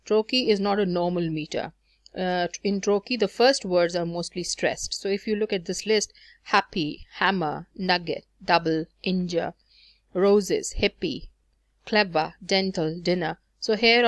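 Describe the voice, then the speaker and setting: Lower-voiced woman teaching a poetry lesson. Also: dry recording. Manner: explanatory, repeats and counts through examples, frequent fillers. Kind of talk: recorded lecture on poetry.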